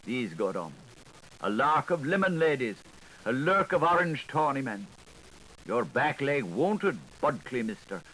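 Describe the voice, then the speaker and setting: A man reading an unabridged literary audiobook in a lilting, sing-song recitation with wide swings in loudness. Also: mid-range voice, rough recording. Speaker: audiobook narrator. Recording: 1980s studio tape, faint hiss.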